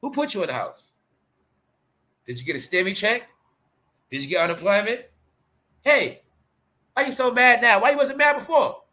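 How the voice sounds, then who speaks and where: A man hosting his own channel, delivering a confrontational, profane commentary rant straight at his viewers, mocking and repeating himself, pushing his voice toward a shout at times. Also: sits high, expressive, normal speed, pauses often. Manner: raises voice to near shouting at times. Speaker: channel host.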